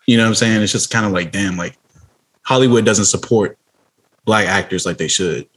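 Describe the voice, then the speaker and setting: A man's voice: on the low side, a little fast, fairly bright tone, slightly rough. A man co-hosting a podcast, talking in a laid-back, earnest, slangy way in casual chat. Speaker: podcast co-host.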